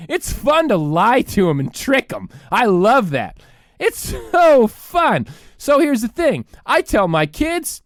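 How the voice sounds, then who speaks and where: A man's voice: very high-pitched, huge pitch swings, slow, a bit bright, no room sound, studio quality. A man in his thirties, a podcast host delivering a comedic solo rant in a mock-indignant, sarcastic, exaggerated way.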